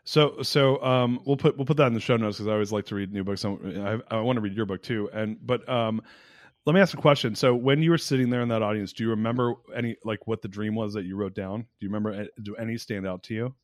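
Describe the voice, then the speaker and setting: A man's voice: on the low side, fairly even intonation, fast talker, dry recording, studio quality. A man hosting a podcast, asking curious questions in a casual, conversational way. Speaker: podcast host. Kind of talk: casual interview.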